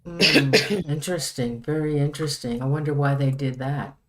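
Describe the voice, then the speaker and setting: A woman hosting an interview who reacts with lively, drawn-out exclamations and asks follow-up questions. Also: low-pitched.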